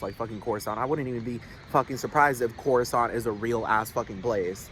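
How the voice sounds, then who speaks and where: A man's voice: medium pitch, steady tone, fairly quick, hardly any pauses, a bit bright, slight background noise. A young man rambling in a casual monologue, swearing constantly and filling his talk with "like" and "dude".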